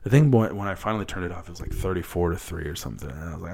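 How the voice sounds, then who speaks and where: Low voice young dude podcasting solo, cussing, all worked up over sports. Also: male voice, lively intonation, rapid-fire, gravelly, dark tone, slight background noise. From Wisconsin, United States. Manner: swears often, gets worked up about sports. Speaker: podcast host. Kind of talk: casual solo podcast talk.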